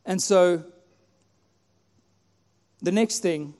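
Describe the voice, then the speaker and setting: A man from South Africa preaching a sermon in a church, telling a personal story and acting out his own prayers with animated delivery. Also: high voice, very slow. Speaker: pastor. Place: church hall. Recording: long hall reverb, faint music.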